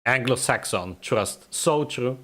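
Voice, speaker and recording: Young guy w a vague eastern european accent streaming a game, bright tense voice, rambles and cracks jokes. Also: medium pitch, expressive, takes it slowly. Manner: rambling, joking, laughs often. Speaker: gaming streamer. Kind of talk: casual live gameplay commentary.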